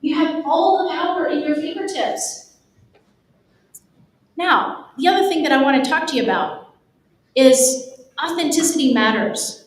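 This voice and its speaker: A middle-aged woman with a Texan accent giving a lively, emphatic motivational talk, speaking directly to the audience. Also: sits high, unhurried, long pauses. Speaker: speaker at a real estate event. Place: event room. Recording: very echoey room, voice from far off.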